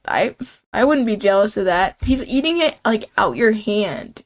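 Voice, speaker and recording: A woman's voice: mid-range voice, expressive, unhurried. A young woman streaming a game, chatting playfully with her viewers and reading the on-screen text aloud. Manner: playful, chatty, reacts and jokes with chat.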